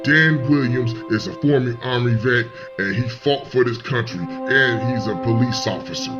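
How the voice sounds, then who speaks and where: A man voicing a male political ad announcer in a comedy sketch, slow and grave, smearing a rival. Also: mid-range voice, lo-fi sound, voice pushed down, natural voice. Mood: upbeat. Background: music.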